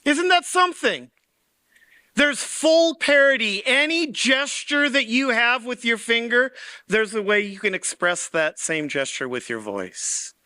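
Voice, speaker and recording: A man giving a tech conference talk in a playful style, full of puns and quick asides. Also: very high-pitched, lively intonation, bright, forceful tone, no echo. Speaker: conference speaker.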